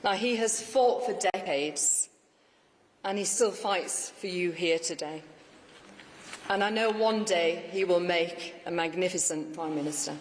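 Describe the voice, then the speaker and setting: A woman delivers a rousing, declarative victory speech, her voice pitched a little low. The sound carries a long reverb from a large hall, with faint ambience behind her. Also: unhurried, a little hiss or hum. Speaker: newly elected mayor giving victory speech.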